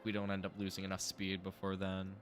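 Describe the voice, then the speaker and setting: Low-voiced young man thinking aloud. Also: completely flat delivery, fairly quick, a little hiss or hum. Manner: thinking aloud, mumbling to himself. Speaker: streamer. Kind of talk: casual live gameplay commentary.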